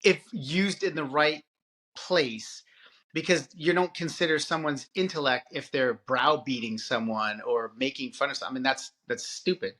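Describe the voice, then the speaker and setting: A man co-hosting a parenting podcast, talking casually and in an animated way, often restarting his sentences. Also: medium pitch. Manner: animated, halting with restarts and filler. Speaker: podcast co-host. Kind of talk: casual conversation.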